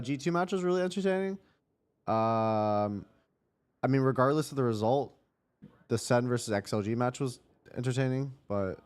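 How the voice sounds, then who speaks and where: A man's voice: mid-range voice, clean tone. A young man chatting casually to his stream chat, rambling, correcting himself and swearing offhand. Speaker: streamer hosting a watch party.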